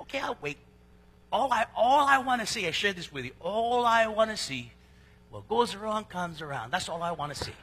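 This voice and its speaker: Husky, animated preacher in a reverberant hall. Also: male voice, sits high, fairly quick. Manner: animated preaching with sudden loud and soft swings. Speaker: pastor. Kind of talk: sermon.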